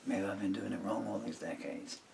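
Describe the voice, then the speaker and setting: Older man with a low gravelly voice. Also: flat delivery, fairly quick, recorded from a distance, background noise. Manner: meandering, self-interrupting, muttered asides. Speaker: songwriter. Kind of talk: casual rambling talk while writing a song. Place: home recording studio.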